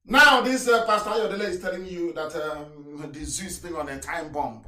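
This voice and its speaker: A man's voice: high voice, expressive, normal speed, hardly any pauses, sharp tone, far from the mic. A man giving an impassioned live broadcast address, talking emphatically, repeating phrases and chuckling to himself. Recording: roomy sound, voice off the mic.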